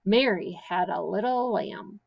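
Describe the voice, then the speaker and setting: A woman teacher reading silly children's poems aloud with slow, sing-song, playful emphasis. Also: mid-range voice, creaky, low-quality recording. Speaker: special education teacher.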